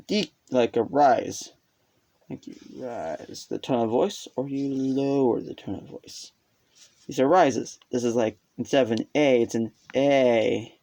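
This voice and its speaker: Slow, rambling self-taught male explainer. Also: mid-range voice, dark tone. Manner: rambling, hesitant, self-deprecating; sounds out vowels aloud while explaining. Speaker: hobbyist explaining a language.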